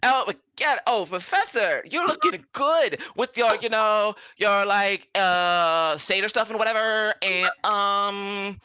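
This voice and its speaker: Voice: mid-range voice, slow, few pauses, sharp tone, clean tone, dry recording, clean studio sound, pitched above the performer's own voice. A game master voicing a brash young female elf singer who gushes in valley-girl slang. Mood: gushing.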